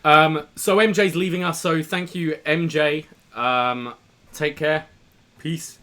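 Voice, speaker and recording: A man's voice: fairly high pitch, steady tone, slow pace, pushed and bright. A man co-hosting a live podcast stream, running things in an easygoing way with many fillers. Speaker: podcast co-host. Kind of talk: casual chat on a live stream.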